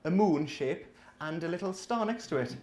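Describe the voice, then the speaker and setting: A man in his thirties performs a rambling, self-deprecating, sweary stand-up set. His voice sits high and swings up and down a lot. He is heard in a small, echoey coffee-shop room. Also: expressive, normal speed, darkish tone. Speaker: stand-up comedian.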